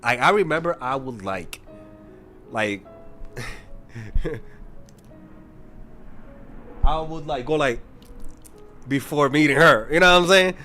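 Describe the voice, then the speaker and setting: A young man, a dating coach, talking casually and bluntly to camera, swearing freely and telling stories with animated energy. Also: medium pitch, slow pace, long pauses, soft background music. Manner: blunt, profane, animated storytelling.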